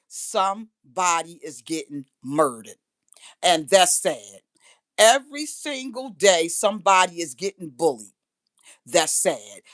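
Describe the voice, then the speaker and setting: A woman's voice: mid-range voice, fairly bright tone. A middle-aged woman, ranting bluntly and profanely on a live stream and repeating phrases for emphasis. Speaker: livestreamer. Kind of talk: impassioned live-stream rant.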